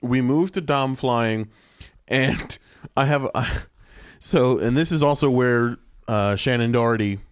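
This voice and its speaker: A man's voice: medium pitch, a little slow, clear, resonant tone, no room sound. A man co-hosts a podcast and recaps a TV episode in loose, casual chat. He laughs often and acts out the characters' lines. His voice sits in an ordinary middle range, recorded dry and close. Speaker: podcast co-host.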